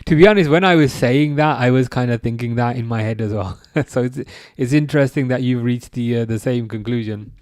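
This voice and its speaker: A young man hosting a live football watchalong. He reacts to the match and answers chat, with excitable outbursts at big chances. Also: medium pitch, a little fast, few pauses, no room sound, clean studio sound.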